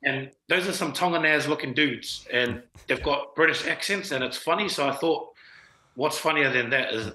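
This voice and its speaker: A New Zealand film writer and producer, appearing as an interview guest, tells his story in laid-back slang full of fillers during a casual interview chat. His voice is fairly high, bright and forceful, at a normal speed, and the recording has a roomy echo.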